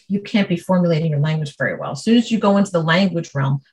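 Woman speech therapist, lower voice, patient explaining, casual chat. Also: fast talker, darkish tone. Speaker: speech-language pathologist.

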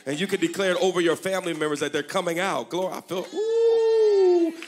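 A man's voice: on the high side, steady tone, racing. A man preaching a sermon to his congregation, joking and calling for responses. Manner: call-and-response, joking, rising to shouts. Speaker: pastor. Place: church service before a congregation.

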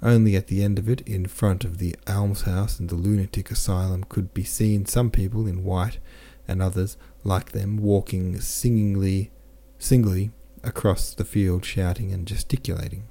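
A man reading a classic novel aloud as the narrator, steady and unhurried, now and then correcting a slip. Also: sits low. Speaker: audiobook narrator. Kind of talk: scripted narration.

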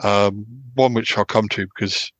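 British male podcast host, lowish voice, meandering and relaxed, dry sound. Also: moderate pace, dry recording. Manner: rambling, pieces thoughts together as he goes. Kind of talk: casual chat about TV dramas.

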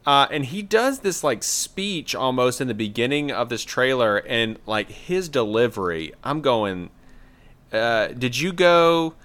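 A man's voice: mid-range voice, lively intonation, unhurried, few pauses, a bit bright. A man co-hosting a casual podcast, chatting about movie trailers in a laid-back way, with lots of fillers. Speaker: podcast co-host.

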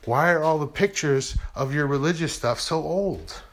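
A middle-aged man with a fairly high voice talks through his ideas on his podcast. He rambles earnestly, circling back on his points. He often slips into quick voices for the people he quotes. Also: fairly bright tone. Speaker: podcast host. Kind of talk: casual spiritual monologue.

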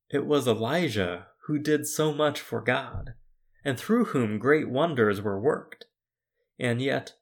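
A man preaching a sermon, retelling scripture in a deliberate, measured storytelling manner. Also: medium pitch.

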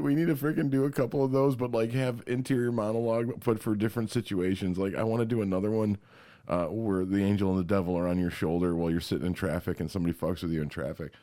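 A man's voice: lowish voice, fairly even intonation, quick pace, warm tone, slight background noise. A man co-hosting a casual improv comedy podcast, talking in a soothing, coaxing way and laughing often. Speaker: podcast co-host.

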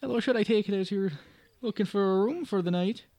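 A man's voice: sits high, brisk, no room sound, voice pushed up. A man voicing a friendly, chatty Irish landlady in a put-on Irish accent with a lilting manner. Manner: lilting, warm and rambling.

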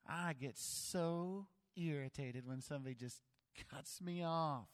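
A man preaching a sermon as pastor, animated, acting out voices and joking about himself. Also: on the high side, measured pace. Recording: long hall reverb.

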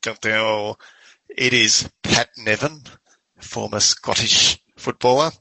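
A man with a low, gravelly voice that still has a bright, forceful edge banters as a quizmaster. The sound is dry and close. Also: takes it slowly, no room sound, low-quality recording. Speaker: podcast co-host. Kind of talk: casual sports chat.

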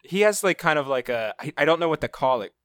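Smooth-voiced man rambling in casual chat. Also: fairly high pitch, expressive, fast, fairly bright tone, no room sound, clean studio sound. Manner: rambling, stumbles and restarts, laughs often.

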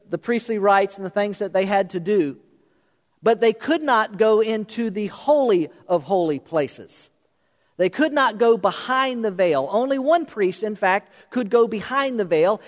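A male pastor preaching a sermon, animated, swinging between raised emphasis and hushed intensity. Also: high voice. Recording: long reverb of a large hall.

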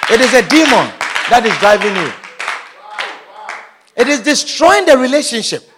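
A man preaching a sermon in an emphatic, repetitive manner, often shouting and laughing. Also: extremely high pitch, big pitch swings, normal speed, pauses often, a faint crowd, a little hiss or hum.

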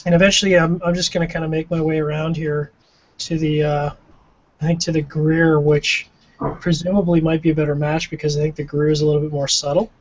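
A man's voice: fairly high pitch, little pitch movement, quick pace. A man with a Canadian accent co-hosting a casual tasting chat, musing and self-deprecating. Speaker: co-host of a cigar pairing show. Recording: dull lo-fi audio.

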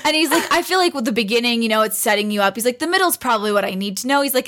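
A chatty young woman with a slightly high voice tells a story in a relaxed interview. She slips into the voices of the people she quotes and laughs easily as she goes. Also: rapid-fire. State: pregnant. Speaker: guest. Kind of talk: casual storytelling.

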